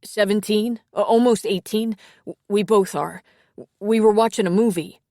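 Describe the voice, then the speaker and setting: A woman's voice: mid-range voice, normal speed, warm tone, no echo, clean studio sound, pitched above the performer's own voice, natural voice. A woman voicing a seventeen-year-old boy who stammers and speaks frantically. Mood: panicked.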